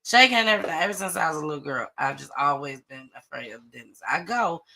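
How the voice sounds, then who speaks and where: Bright-voiced woman hosting a live show. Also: low-pitched, fast talker, vocal fry. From Atlanta area. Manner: chatty, animated, greets viewers by name. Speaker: host of a live online gossip and news show. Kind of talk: casual live-stream commentary.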